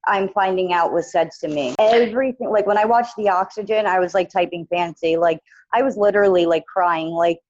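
A woman talking through a painful personal experience as a guest, haltingly and with many fillers. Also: lowish voice, darkish tone, muffled recording, a little hiss or hum. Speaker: guest sharing her own experience. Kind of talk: emotional personal account in conversation.

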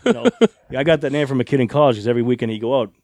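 A man's voice: medium pitch, racing, darkish tone, dry recording. A middle-aged man, a former wrestler, rambling through anecdotes in a casual interview with frequent laughs and swearing.

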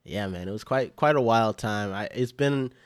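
A man's voice: fairly low pitch, moderate pace, clear, resonant tone, no echo, studio quality. A young man casually telling a funny story on a podcast, laid-back and slangy, swearing freely. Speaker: podcast co-host.

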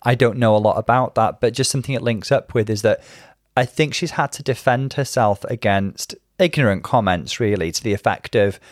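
A man's voice: medium pitch, fairly quick, no room sound, studio quality. Chatty man reacting. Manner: chatty, campy, excitable commentary. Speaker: podcast co-host. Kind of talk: casual reaction chat.

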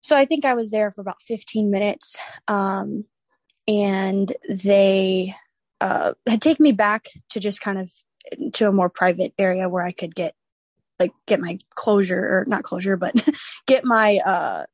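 Guesting on a podcast, a young woman in her twenties recounts something from her own life, acting out others' voices and laughing often in an animated, relaxed way. She speaks at a medium pitch without hurrying, in a dry recording.

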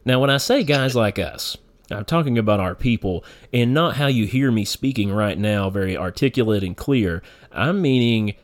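A man's voice: on the low side, lively intonation, moderate pace. A man with a Kentucky accent hosting a podcast, telling rambling stories in casual chat and laughing often. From Northern Kentucky. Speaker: podcast host.

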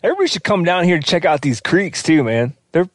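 A man's voice: a little high, sing-song, fast, no echo, clean studio sound. A man on a podcast crew, chatting in an easygoing, jokey way. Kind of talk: casual chat.

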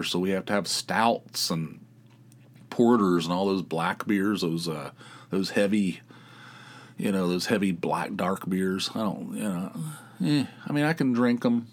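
A man with a fairly low voice talks through his week in a loose, meandering monologue. He swears casually and leans on filler words as he goes. It sounds like an unscripted solo podcast. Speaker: podcast host.

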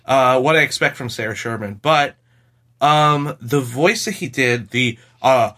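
A man co-hosting a podcast, joking in an animated, self-deprecating way. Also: medium pitch, a little slow. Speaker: podcast co-host. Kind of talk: casual podcast discussion.

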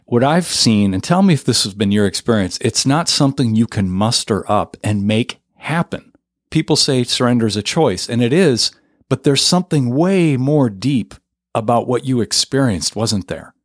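A man's voice: mid-range voice, lively intonation, normal speed, dry recording, studio quality. A middle-aged man hosting a faith interview, encouraging and asking leading questions. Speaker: podcast host.

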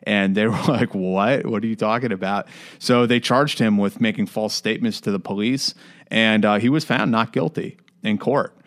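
A man's voice: on the low side, moderate pace, fairly bright tone. A man from the United States talking through a story in casual podcast chat, with frequent fillers and restarts. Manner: conversational, many fillers and restarts.

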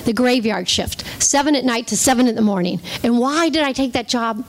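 High-voiced woman telling stories on stage. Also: a little fast. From Ohio, USA. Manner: animated, dramatic storytelling to an audience. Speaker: solo performer. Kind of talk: live stage storytelling. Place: theater stage.

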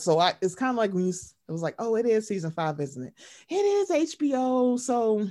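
Woman, casual podcast chat, animated storyteller who plays out quotes and laughs often, mid pitch. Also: a little fast.

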